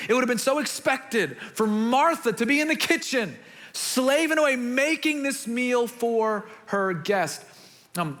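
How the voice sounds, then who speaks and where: A man preaching a sermon, with animated storytelling and quick restarts. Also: very high voice.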